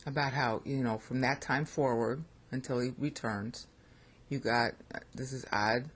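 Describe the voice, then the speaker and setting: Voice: medium pitch, fairly even intonation, a little slow, a bit bright, husky. An American Bible teacher giving an informal lecture on scripture, thinking aloud and checking in with listeners.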